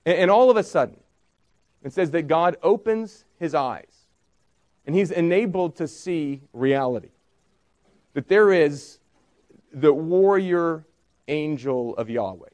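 A pastor retells a story from the pulpit, leaning on rhetorical "right?" questions and acting out its speakers for a moment. His voice is a little high and a little mellow, with lively intonation, a slow pace, and long pauses.

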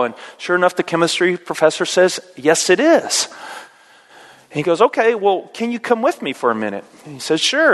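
A male preacher praying and then retelling a story in a folksy, animated way, with frequent fillers, in a church. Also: sits high. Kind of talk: sermon storytelling. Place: church sanctuary. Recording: echoey hall reverb.

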